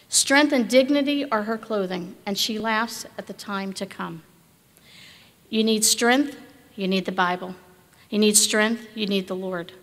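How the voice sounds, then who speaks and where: A woman preaching a sermon with emphatic rhetorical questions, at times dropping to a hush. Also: on the high side, in a large hall.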